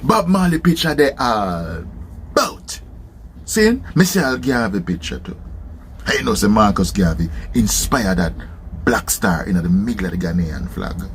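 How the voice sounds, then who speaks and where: A man from Jamaica with a Jamaican accent, telling a travel story in a casual, animated way, dropping rhetorical tags in patois. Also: on the low side, a little slow, a little hiss or hum.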